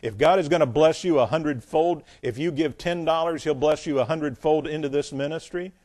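Male pastor, slightly high voice, reads scripture with emphasis, blunt scornful asides between verses. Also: a little fast, a little mellow. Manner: scornful, plain-spoken. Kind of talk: sermon with scripture reading.

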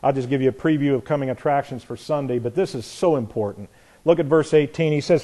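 A man preaching a verse-by-verse Bible sermon, animated, acting out the voices in the stories and chuckling at his own points. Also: on the high side, a little fast.

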